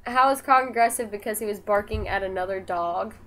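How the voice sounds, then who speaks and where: A woman's voice: mid-range voice, brisk, fairly bright tone, a little hiss or hum, low-quality recording. A young woman casually chatting on a live stream as she reads and answers viewer comments. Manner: chatty, scolding her dogs between comments. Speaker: vlogger reading live comments.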